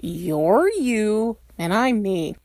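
Woman voicing a motor-mouthed young man: high, lively, sarcastic, dry close read. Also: no echo. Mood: flustered sarcastic. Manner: quick, sarcastic, flustered. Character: mouthy excitable young man, talks nonstop.

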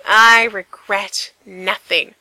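A woman playing a young man lover, eager and foul-mouthed, bright and a bit raised in pitch. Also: slow pace, dry recording, full character voice, low-quality recording. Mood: excited. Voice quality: hushed and swearing, breaks off mid-sentence.

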